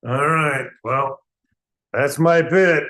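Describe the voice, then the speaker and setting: Mumbling comedian in an echoey room. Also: male voice, a little high, slow, pushed and bright. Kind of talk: casual wrap-up of a comedy bit.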